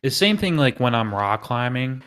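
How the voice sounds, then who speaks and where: Guy on a trading stream, mid pitch, animated, does little panicky voices. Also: normal speed. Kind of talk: live-stream trading talk.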